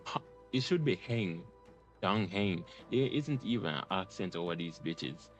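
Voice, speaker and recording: A young male streamer talks over a game in a fairly low voice, loose and heavily profane. He often laughs through his words as he reacts. He speaks into a desk mic. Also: expressive, unhurried, highs cut off, soft background music. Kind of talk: casual game reaction commentary. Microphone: desk microphone.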